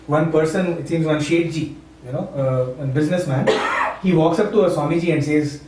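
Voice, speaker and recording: Recorded far from the mic in an echoey room with a faint hum, this Maharashtrian man from India, a university teacher who speaks at satsangs, delivers an informal spiritual talk. He's brisk and conversational, chuckling and often checking "right?", with a fairly high pitch and dark tone.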